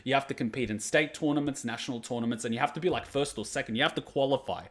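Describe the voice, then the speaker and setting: A man, casually telling a story in an animated way, swearing freely and dropping lots of fillers. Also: medium pitch, fast. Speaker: reaction channel host.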